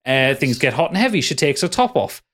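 A man's voice: medium pitch, sing-song, brisk, fairly bright tone. A man, co-hosting a casual podcast, recapping a bad film in a sweary, exasperated way with many restarts. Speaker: podcast co-host reviewing a film. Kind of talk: casual chat.

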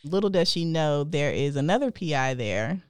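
A woman's voice: deep voice, lively intonation, normal speed, very noisy. A woman hosting a casual podcast, retelling a story with giggles. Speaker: host.

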